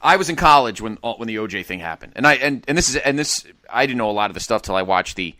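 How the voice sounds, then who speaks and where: A man in his forties co-hosting a podcast in casual chat, animated and prone to trailing off and restarting. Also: medium pitch, quick pace, no echo. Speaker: podcast co-host.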